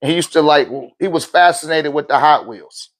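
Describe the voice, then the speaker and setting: High-voiced man lecturing casually. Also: brisk. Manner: animated, swings into loud shouted quotes; laughs often, swears, street slang. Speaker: spiritual teacher.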